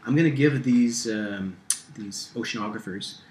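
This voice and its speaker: A man narrating as game master in a tabletop game, halting with many ums and restarts. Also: on the low side, a little mellow. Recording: echoey room with faint hiss.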